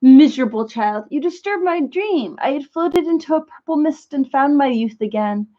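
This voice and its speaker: A woman's voice: high-pitched, expressive, normal speed, mellow. A grumpy old man, drowsy and irritable, scolds in a muttering storybook voice, as a woman puts him on. The sound is dull and lo-fi. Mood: irritated. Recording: muffled lo-fi recording.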